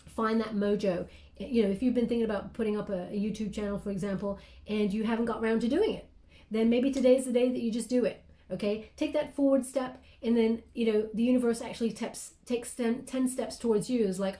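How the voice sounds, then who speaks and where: A tarot card reader, a woman with a slightly high, mellow voice, gives a casual reading in a reverberant space. She rambles and apologizes, yawning and sounding sleepy, with plenty of fillers and false starts.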